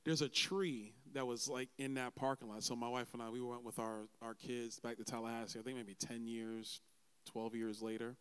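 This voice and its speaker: A man in his forties tells his own testimony at a church event and slips into the voices of the people in his story. His voice is clean and smooth, and his pitch sits in an ordinary middle range. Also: level tone, moderate pace, a bit bright. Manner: conversational, acts out quoted voices. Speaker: event host and interviewer.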